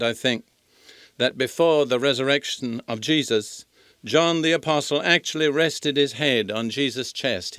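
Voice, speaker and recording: An older man teaching the Bible in a sermon, reading scripture slowly and emphatically. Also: mid-range voice, fairly bright tone, clear, resonant tone, no echo, clean studio sound.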